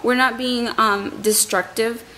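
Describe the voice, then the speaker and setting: A woman's voice: a little high, steady tone, unhurried, pushed and bright, a little hiss or hum, rough recording. A young woman vlogger who is still shaken up, telling a long story in a rambling way and often repeating her words. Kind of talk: emotional storytime vlog.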